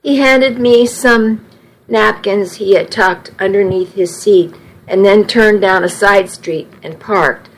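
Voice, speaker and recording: A woman narrating a first-person story in an even, unhurried way. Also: mid-range voice, poor audio.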